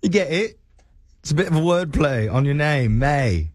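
A man's voice: on the high side, expressive, moderate pace. A man putting on a cheeky fake British caller. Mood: teasing. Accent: put-on bad British accent. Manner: cheeky, teasing, chuckles at own jokes. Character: pushy fake British airline customer-care man. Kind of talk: radio prank call.

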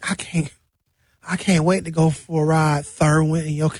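Man doing a high, lisping woman passenger, flirty and excitable, dry sound. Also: normal speed, slightly rough, dry recording. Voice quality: lisp. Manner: excited, shrieking when her wig flies off.

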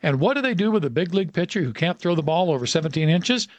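A man's voice: fairly high pitch, big pitch swings, fast talker, dry recording. A man voicing an old male baseball coach who lectures emphatically and bellows. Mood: booming.

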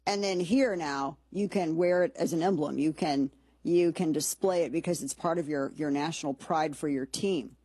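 A woman hosts a casual commentary show, wandering off into sarcastic asides as she goes. Her voice sits a little low and has a husky edge. It is recorded close and dry, with no room echo. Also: moderate pace, warm tone. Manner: chatty, sarcastic, rambling asides.

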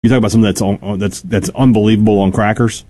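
A man's voice: on the low side, fairly even intonation, rapid-fire, dark tone. Give me an easygoing male host from Mississippi who keeps his replies short. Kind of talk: casual chat.

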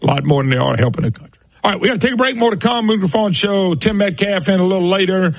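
A man's voice: high voice, animated, quick pace, no room sound. A middle-aged man hosting a political talk radio show, ranting scornfully and firing off rhetorical questions.

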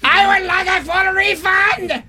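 Casting: a furious dictator, shrill and bright, shouting decrees. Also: male voice, steady tone, a little slow, faint music behind, full character voice. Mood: ranting. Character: ranting dictator-style man, furious about cheese.

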